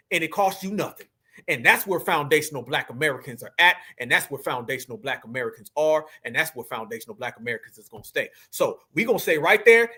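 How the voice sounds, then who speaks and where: Man host, high bright voice, preachy slang-heavy commentary. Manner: emphatic, preachy, slang-heavy, addresses audience as family. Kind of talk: reaction commentary to clips.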